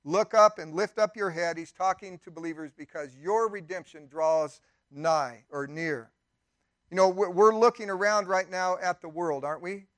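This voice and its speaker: High-voiced man preaching a sermon. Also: normal speed, fairly bright tone, no echo, studio quality. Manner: conversational preaching with emphatic rises and asides. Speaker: pastor.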